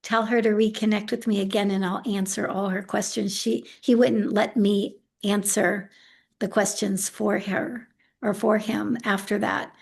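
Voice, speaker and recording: A middle-aged woman being interviewed, telling a story in a relaxed, animated way, acting out what people said and laughing often. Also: mid-range voice, a little slow, gravelly, husky. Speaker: autism integration specialist, interview guest.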